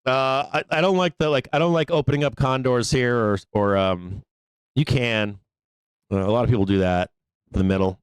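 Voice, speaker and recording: Speaking at a moderate pace in a mid-range voice, this trading show host runs a live market commentary stream. The tone is clean and the recording dry. He keeps things casual and profane, laughing a lot and fielding viewer questions he invents himself.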